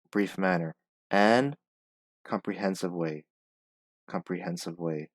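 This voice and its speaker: An English pronunciation teacher with a low voice reads a text aloud, often stopping to slowly repeat single words and explain their sounds. The recording is close and dry, with no echo or room sound.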